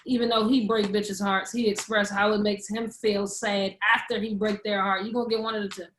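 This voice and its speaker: A woman's voice: mid-range voice, little pitch movement, brisk, fairly bright tone, echoey room, a little hiss or hum, low-quality recording. A woman appearing as a guest on a casual podcast, talking in an easygoing, candid, playful way.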